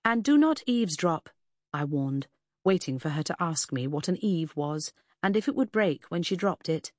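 A woman narrating a first-person audiobook with an expressive, lively delivery. Her voice sits a little low for a woman and is recorded dry and close, with no room sound. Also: normal speed, no echo. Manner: expressive, lively storytelling that shifts into character voices.

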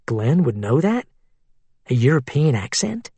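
A man's voice: medium pitch, sing-song, a little slow, mellow, breathy edge, dry recording, full character voice. A man voicing a worried but skeptical woman in an audiobook, in a level, questioning tone.

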